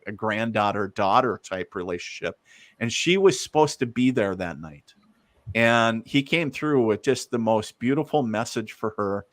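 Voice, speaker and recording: A man's voice: fairly low pitch, fairly bright tone, no echo. Rambling man telling a story. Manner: rambling, many fillers, laughs easily. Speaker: guest medium. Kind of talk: casual storytelling.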